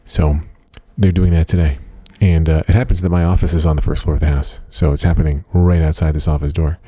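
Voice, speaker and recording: A man's voice: rumbling low, fairly even intonation, fairly quick, mellow, no echo. A middle-aged man hosting a casual solo diary podcast from his home office, rambling in a wry, self-mocking way with plenty of uh fillers. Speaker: podcast host.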